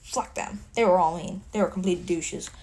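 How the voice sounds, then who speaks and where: A woman's voice: fairly low pitch, moderate pace, a little mellow. A tired woman casually retelling her fan story in a rambling way, with a lot of swearing and self-mockery.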